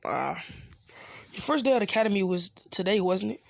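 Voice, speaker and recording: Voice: medium pitch, big pitch swings, a little fast, creaky, no echo. A narrator voicing a scheming male fox spirit sealed inside a boy, in a casual, slangy storytelling voice. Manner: casual, loose slang delivery.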